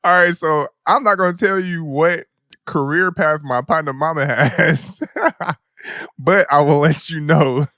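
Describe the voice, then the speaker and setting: A man's voice: on the high side, a little slow, dry recording, studio quality. Laughing young man telling wild stories. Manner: laughing often, loose, profane and animated. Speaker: podcast host. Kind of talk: comedic storytelling.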